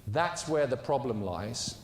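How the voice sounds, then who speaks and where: A man's voice: medium pitch, lively intonation, unhurried, a little hiss or hum. A man delivering a conference speech, telling an anecdote in an emphatic storytelling way. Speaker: conference speaker. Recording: echoey hall with long reverb.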